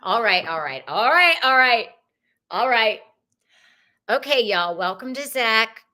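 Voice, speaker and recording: A middle-aged woman hosts a live tarot reading, speaking slowly in a slightly high voice. She is chatty and exclamatory, weaving spiritual messages between the cards. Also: sing-song, pushed and bright. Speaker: tarot reader and host.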